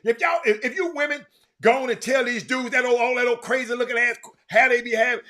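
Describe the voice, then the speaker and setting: In this casual live stream, a male sports talk host chats from a home room and greets viewers by name. His very high voice comes across bright and forceful, and he talks fairly quickly.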